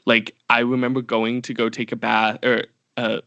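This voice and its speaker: A man's voice: medium pitch, monotone, normal speed, gravelly, pushed and bright, no echo, dull audio. A young man co-hosting a podcast, telling a long story in casual chat with lots of fillers and restarts. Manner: rambling, many fillers and restarts. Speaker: podcast co-host.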